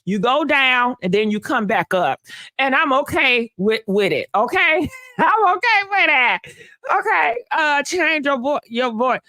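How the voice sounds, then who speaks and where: A woman hosting a live gossip stream, sassy and animated, chatting with viewers and answering comments. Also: sits high, unhurried, dry recording. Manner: sassy, animated, calls viewers honey and baby, laughs often. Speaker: host of a live gossip channel. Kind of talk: casual live-stream chat reading comments.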